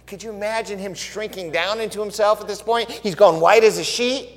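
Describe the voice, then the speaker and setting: A man retelling a Bible story as a sermon, in an animated, conversational way and asking his listeners questions. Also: high voice, fairly quick. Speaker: preacher. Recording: echoey hall.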